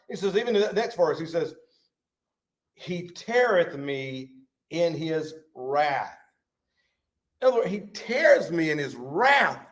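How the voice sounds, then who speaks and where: A man teaching a Bible study, animated, reading scripture and talking to his congregation. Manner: animated, rises to shouts and drops low. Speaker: pastor.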